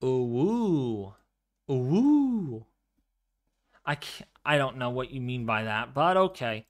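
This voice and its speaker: A man hosting a live severe weather stream, commenting excitedly on radar and storms and repeating his phrases. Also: medium pitch, moderate pace. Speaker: livestream weather host.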